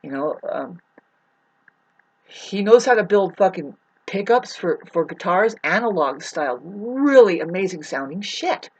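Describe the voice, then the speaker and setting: A woman's voice: on the low side, expressive, a little slow, breathy edge, highs cut off. A woman delivering a rambling, profane, agitated monologue to the camera as a vlogger.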